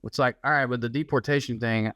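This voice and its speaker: A man's voice: medium pitch, fairly even intonation, fast talker, fairly bright tone, no echo. A man hosting a podcast in casual political chat, wry and sardonic, riffing on what others say. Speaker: podcast host.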